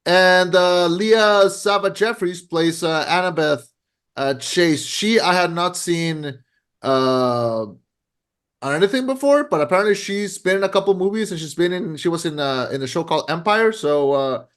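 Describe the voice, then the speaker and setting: A man's voice: high-pitched, expressive, normal speed, a bit bright, smooth. A young man hosting a podcast in casual chat, rambling with lots of "like" and restarting his sentences. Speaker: podcast host.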